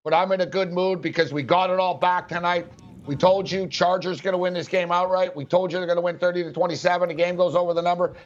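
A man hosting a sports betting show, talking loudly and laughing as he jumps in over his co-hosts. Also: high-pitched, steady tone, fast, lo-fi sound. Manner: loud, laughing, talks over others. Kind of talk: casual sports betting chat.

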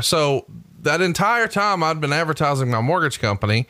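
A man from Alabama hosting a podcast, telling stories in an animated, chatty way. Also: a little high, a little fast, dry recording, studio quality. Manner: storytelling, animated, laughing asides. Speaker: podcast host. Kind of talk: casual chat.

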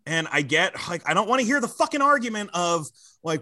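A man's voice: high-pitched, fairly quick, dry recording. A man co-hosting a comedy wrestling podcast, talking casually and crudely with lots of swearing. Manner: crude, animated, swearing freely. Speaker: podcast co-host.

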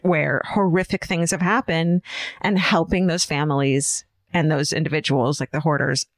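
A woman with a fairly low voice chats casually as a podcast co-host. She is animated and swears freely, and the sound is dry and close. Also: moderate pace, no echo. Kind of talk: casual chat.

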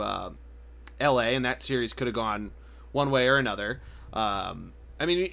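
A man co-hosting a podcast in casual sports chat, piling on details and records, often trailing off more quietly. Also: medium pitch. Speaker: podcast co-host.

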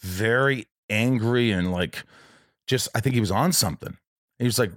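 A man in casual conversation, telling a personal story in a rambling way with many restarts and lively retold quotes. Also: lowish voice, moderate pace, no echo, studio quality.

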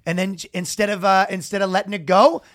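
A man telling a comedic story on a podcast, loud and animated, with bursts of shouted announcer impressions. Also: high voice, fast. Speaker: podcast co-host.

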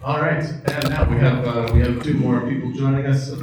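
A man's voice: mid-range voice, steady tone, moderate pace. A man moderating a comic convention panel, joking and hurrying speakers along. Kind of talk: casual panel hosting. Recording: echoey room, distant mic, crowd noise.

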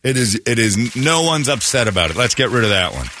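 A man's voice: medium pitch, big pitch swings, brisk, noisy background. A man hosting a morning radio show, bantering brashly and jokingly, often slipping into mock tough-guy voices.

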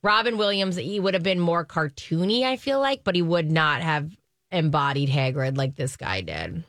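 A woman co-hosting a radio show, chatting casually and teasing her co-host with playful, animated storytelling. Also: sits low, moderate pace, no echo, clean studio sound.

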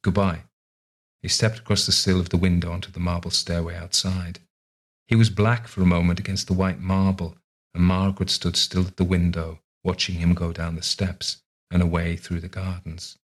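A man with a deep, husky voice reads a story aloud. His narration is calm and measured, taking time over each scene. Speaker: reader. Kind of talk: scripted narration.

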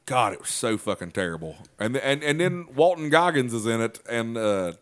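A man co-hosting a podcast, telling stories in a profane, animated way in casual chat. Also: mid-range voice, moderate pace. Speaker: podcast co-host.

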